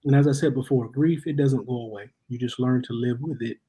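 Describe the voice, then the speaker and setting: A man's voice: mid-range voice, a little fast, slightly rough. A man who is a guest chaplain, telling personal stories in conversation and acting out what people said. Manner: animated storyteller, acts out quotes. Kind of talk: storytelling in conversation.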